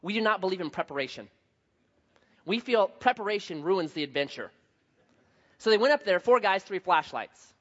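A man pastor preaching a sermon, telling a story with lively swings from hushed to loud. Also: high-pitched, moderate pace, pauses often. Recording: dull lo-fi sound.

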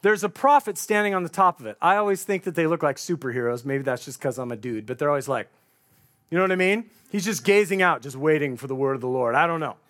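A man's voice: fairly high pitch, animated, fast, a bit bright. A man preaching a sermon, retelling a scripture story in a conversational, vivid storytelling way.

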